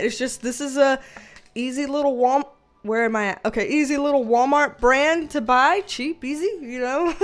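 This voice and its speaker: A high-pitched woman chats casually on a livestream. She greets her viewers one by one and laughs easily between remarks. Faint music plays behind her. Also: a little slow, a bit bright. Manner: chatty, greets viewers by name, laughs often. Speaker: livestream host and tarot reader.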